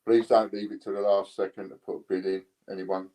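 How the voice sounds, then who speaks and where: A British man hosting a casual live stream, relaxed as he counts down bids. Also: sits low, a little fast, rough recording. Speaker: live stream host running coin auctions.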